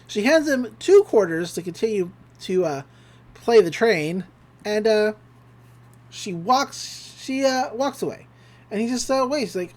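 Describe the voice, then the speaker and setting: On a podcast, a man with a high, expressive voice and a darkish tone casually recaps a cartoon episode at normal speed. He acts out the characters' lines in shifting voices, laughs often and uses many fillers while retelling scenes.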